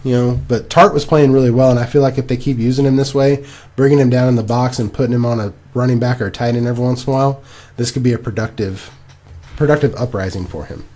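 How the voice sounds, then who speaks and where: A young man co-hosting a casual podcast, rambling and animated as he recaps games. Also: medium pitch, fast. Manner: animated, rambling, laughs at himself. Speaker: podcast co-host. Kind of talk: casual fantasy football chat.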